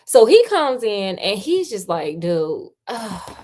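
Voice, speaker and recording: A woman's voice: a little high, very animated, a little slow, darkish tone. A woman casually retelling a detective story in a chatty, slangy, playful way.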